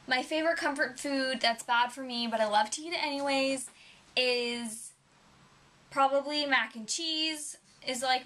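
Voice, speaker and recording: Bright-voiced young woman chatting. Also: on the high side. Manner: rambling, chatty, lots of "um" and "like". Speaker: vlogger. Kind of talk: casual chat to camera.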